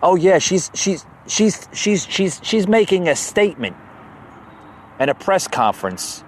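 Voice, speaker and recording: A man's voice: sits high, very animated, a little slow, a little hiss or hum. A man hosting a podcast, ranting heatedly about politics, stammering and repeating himself as he gets worked up, with bursts of mocking sarcasm. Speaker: podcast host.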